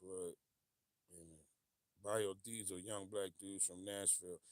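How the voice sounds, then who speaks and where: A man with hosting a casual livestream, rambling and animated, often losing his train of thought and laughing as he reads viewer comments. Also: low voice, moderate pace, long pauses, no echo, clean studio sound. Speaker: livestream host.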